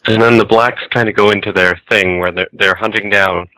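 A man with a deep voice sums up plot points calmly in a podcast chat. His tone is bright and crisp, recorded dry and close. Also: brisk, no echo, low-quality recording. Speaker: podcast co-host. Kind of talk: casual discussion.

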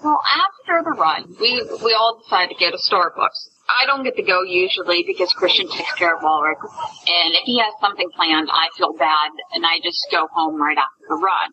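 A woman's voice: fairly low pitch, normal speed, sharp tone, lo-fi sound, slight background noise. A woman co-hosting a casual podcast, laughing her way through a story. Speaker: podcast co-host.

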